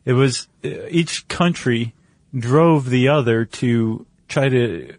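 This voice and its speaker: A man's voice: mid-range voice, slow pace. A man co-hosting a casual podcast chat, joking and loose, with plenty of fillers. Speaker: podcast co-host.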